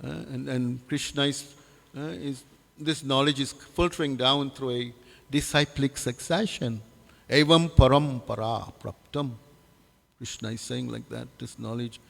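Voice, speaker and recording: A man giving a devotional scripture class, halting with many fillers and putting questions to his listeners. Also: medium pitch, fairly even intonation, vocal fry, a bit bright. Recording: long hall reverb.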